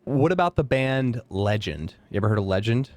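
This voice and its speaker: Guest, male metal vocalist: laid-back, swears casually, lively pitch, dry close sound. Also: a little fast, no echo. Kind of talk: casual podcast chat.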